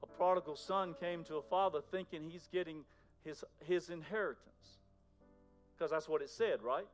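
A man preaching a sermon in a conversational way, moving between loud emphasis and near-whispers. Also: on the high side, moderate pace, soft background music. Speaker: pastor.

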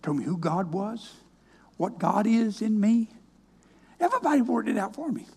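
An older man with a drawl gives a personal testimony in the manner of a sermon. His voice is husky and a little rough. He talks in a folksy, plainspoken way with a dry, wry humor. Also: high-pitched, animated, normal speed, a little mellow. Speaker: minister.

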